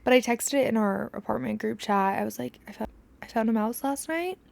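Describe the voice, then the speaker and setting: Chatty young woman with vocal fry. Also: fairly high pitch, a little fast. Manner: chatty, swears freely, drops to a whisper when acting out scenes. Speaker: podcast host. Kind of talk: casual storytelling chat.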